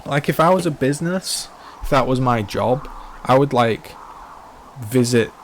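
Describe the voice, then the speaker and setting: A man's voice: medium pitch, expressive, measured pace, a little hiss or hum. A young man chatting casually on a live game stream, rambling, restarting his sentences and filling them with "like". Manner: rambling, repeats and restarts himself, many "like" fillers. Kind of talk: casual live-stream chat while playing.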